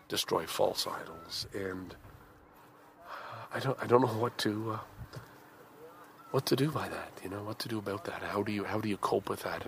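A man hosting a show, delivering an angry, impassioned solo monologue full of halting restarts. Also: fairly low pitch, a little hiss or hum. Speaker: show host.

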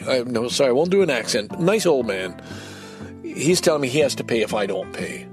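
An older man, talking candidly in a rambling, halting way in a casual personal vlog. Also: medium pitch, expressive, faint music behind. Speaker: vlogger.

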